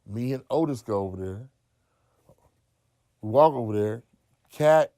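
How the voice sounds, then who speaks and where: A man being interviewed, telling a long profane story and acting out other people's quotes loudly. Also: medium pitch, animated, normal speed, long pauses, dry recording, clean studio sound. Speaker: interview guest. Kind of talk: animated storytelling.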